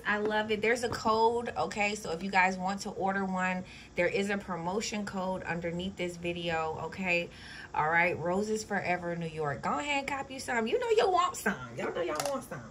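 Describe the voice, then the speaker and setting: A loud, playful young woman gives a casual horoscope reading from her home office. She swears freely and keeps checking in with her viewers, her voice sitting at an ordinary middle pitch with a faint hiss underneath. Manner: loud, profane and playful, with frequent "okay?" tags. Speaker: astrology reading host. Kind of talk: casual tarot reading vlog.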